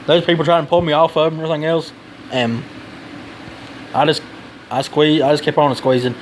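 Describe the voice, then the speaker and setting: A man's voice: fairly high pitch, flat delivery, brisk, slight background noise, low-quality recording. A man giving blunt advice in a casual vlog, rambling and swearing freely.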